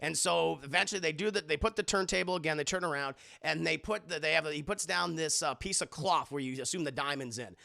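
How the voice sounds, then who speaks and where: Gravelly, bright-voiced man streamer. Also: on the high side, fast talker, hardly any pauses. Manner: rambling, profane, keeps addressing chat. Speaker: movie reviewer and livestreamer. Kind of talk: casual livestream movie review.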